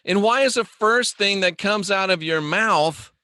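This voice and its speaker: A man's voice: high-pitched, a little slow, pushed and bright, no echo, studio quality. A man hosting a casual livestream monologue, rambling and joking as he answers viewer comments. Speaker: host.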